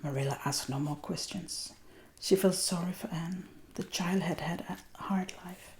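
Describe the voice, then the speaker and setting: Soft-spoken Danish-accented woman reading. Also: lowish voice, slight background noise. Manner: gentle, unhurried, often half-whispered. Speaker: reader. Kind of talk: soft ASMR read-aloud narration.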